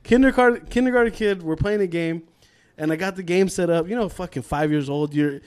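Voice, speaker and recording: A young man co-hosting a casual podcast, telling stories in an animated, laughing way with plenty of swearing. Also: high-pitched, brisk, smooth. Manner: animated storyteller, laughs often, swears freely. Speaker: podcast co-host. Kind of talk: casual chat.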